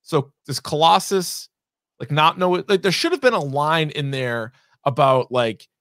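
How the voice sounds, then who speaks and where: A man's voice: on the high side, unhurried, fairly bright tone, no room sound, studio quality. A man co-hosting a movie podcast, talking casually and rambling, full of fillers, swearing and acted-out asides. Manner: rambling, profane, many fillers and quoted asides. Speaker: podcast co-host. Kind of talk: casual movie review chat.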